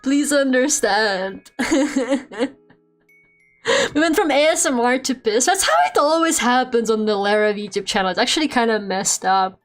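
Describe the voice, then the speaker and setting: A young woman with a Russian accent chatting on a live stream at home, animated, laughing often and swearing freely. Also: fairly high pitch, moderate pace, long pauses, soft background music. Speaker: VTuber streamer. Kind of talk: casual live-stream chat while drawing. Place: home room.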